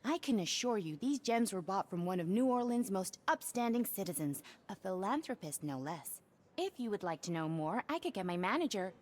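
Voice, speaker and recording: A prim, indignant clerk. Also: female voice, medium pitch, sing-song, brisk. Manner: indignant, formal. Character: prim, defensive auction house clerk.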